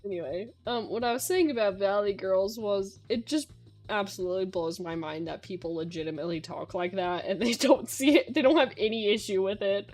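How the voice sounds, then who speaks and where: A woman's voice: mid-range voice, brisk, darkish tone, faint music behind. A young woman streamer in a casual Q&A chat, talking in a chatty way with lots of filler words.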